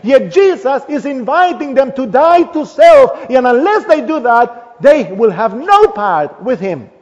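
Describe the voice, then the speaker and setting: A man with a strikingly high voice preaches a sermon, pressing his points hard and then letting each phrase fade to a hush. The recording is dull and lo-fi, with a long reverb from the church hall. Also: big pitch swings, a little slow. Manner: emphatic, trailing off softly at phrase ends.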